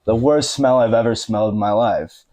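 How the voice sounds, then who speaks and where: This is a man in his thirties with a lowish, mellow voice and an ordinary pace. He's a guest on a podcast, casually recounting something funny from a living room, with frequent laughs and lots of fillers.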